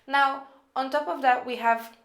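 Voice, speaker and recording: A woman teaching copywriting in a casual, chatty way, thinking out loud with lots of fillers as she walks through an email draft. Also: high-pitched, fairly even intonation, unhurried, roomy sound. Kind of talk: casual screen-recorded lesson.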